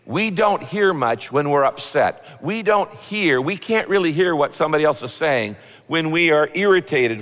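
A man's voice: fairly high pitch, a bit bright. A man preaching a sermon in a conversational, folksy way, acting out what people say. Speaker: pastor. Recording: long reverb of a large hall.

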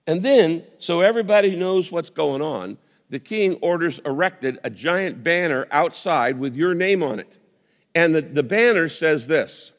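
A man preaching a sermon as a pastor, telling a vivid story with swings between lively and soft intimate tones. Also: fairly high pitch, normal speed, in a large hall.

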